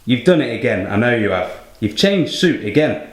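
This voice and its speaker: A man's voice: mid-range voice, big pitch swings, moderate pace. An English man as a comedy sidekick, teasing and questioning in banter. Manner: teasing, questioning, says "mate". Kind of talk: comic banter. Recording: roomy echo.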